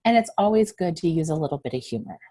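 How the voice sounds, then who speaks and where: A woman's voice: deep voice, sing-song, fast, mellow, husky. A woman health educator giving a friendly, encouraging lesson straight to young viewers. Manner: encouraging, direct address to kids.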